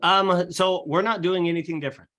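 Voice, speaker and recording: A man's voice: high voice, fairly even intonation, fairly quick, pushed and bright. A young man, a real estate agent guest on a podcast, explaining eagerly in casual talk with lots of fillers and acted-out client quotes. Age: young adult.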